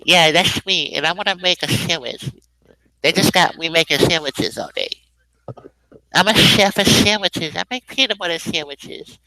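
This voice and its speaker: A man's voice: a little high, normal speed, creaky, pushed and bright, no echo, voice pushed up, heavily acted, poor audio. A man putting on a chatty male sandwich chef who rambles about his sandwiches, padding his talk with "you know". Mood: boastful.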